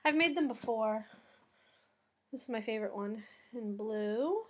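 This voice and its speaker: With a fairly high, lively voice and an unhurried pace, a weary woman chats casually on her knitting vlog. Sitting at home with her cat in her lap, she wanders into tangents and laughs at her own slip-ups.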